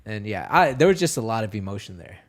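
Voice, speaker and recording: A young man telling fight stories as a podcast guest, casual, profane and animated, acting out the quotes. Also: lowish voice, fast. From Texas, USA. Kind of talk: casual storytelling interview.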